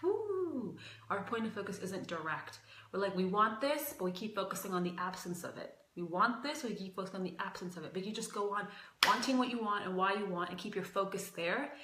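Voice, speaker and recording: A woman's voice: medium pitch, fast, sharp tone, a little hiss or hum. Casual woman coaching, echoey room. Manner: casual and emphatic, repeats phrases, swears at times. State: out of breath. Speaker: life coach and spiritual teacher. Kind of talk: casual livestream teaching.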